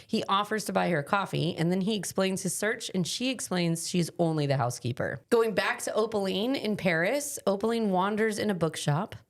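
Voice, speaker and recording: A woman hosting a book podcast, recapping a novel in casual chat that is quick and full of "like" fillers. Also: medium pitch, animated. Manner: chatty, many "like" fillers, quick bursts.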